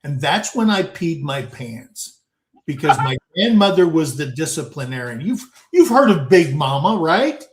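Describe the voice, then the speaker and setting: Hosting a laid-back video-call panel, this American talk show host in his sixties recounts a tale from his younger days, folksily calling everyone "guys." He speaks at a measured pace in a fairly high voice that swings widely in pitch. There's a slight hiss or hum, and the space echoes noticeably.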